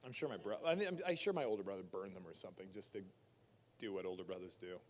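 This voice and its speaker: A Canadian actor telling stories at a fan convention Q&A, casual and animated, acting out quotes and laughing. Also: male voice, deep voice, fast. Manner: animated storyteller who acts out quotes and laughs. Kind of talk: casual storytelling Q&A. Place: convention panel room.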